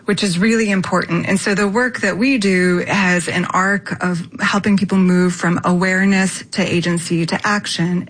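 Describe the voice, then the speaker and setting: A woman's voice: fairly low pitch, low-quality recording. Earnest woman explaining on radio. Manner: earnest, explanatory, often ends points with "right?". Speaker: guest expert. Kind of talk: radio interview.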